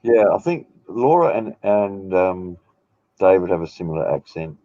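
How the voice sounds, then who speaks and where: A man's voice: sits low, very animated, normal speed, warm tone, no echo, highs cut off. A man in casual chat, teasing and laughing easily.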